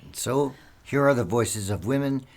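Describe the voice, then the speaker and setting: A man co-hosting a storytelling radio program, introducing the recorded stories to follow. He speaks in a measured, announcing tone at a middle pitch.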